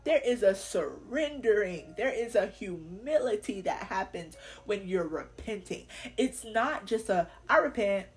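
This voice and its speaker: A woman's voice: medium pitch, animated, a little slow, few pauses, darkish tone. A young woman hosting a faith podcast, talking candidly and earnestly in casual slang, sometimes laughing. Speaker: podcast host.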